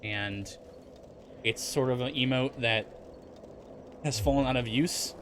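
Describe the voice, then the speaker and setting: A man's voice: mid-range voice, takes it slowly, a bit bright. Rambling male game streamer, faint hiss. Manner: rambling, chatty, with restarts and asides to chat. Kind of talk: casual gameplay commentary.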